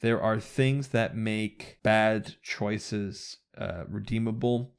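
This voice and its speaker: A man's voice: on the low side, fairly even intonation, slow, smooth. A man chatting casually as a guest on a gaming podcast, rambling and restarting his sentences with enthusiasm.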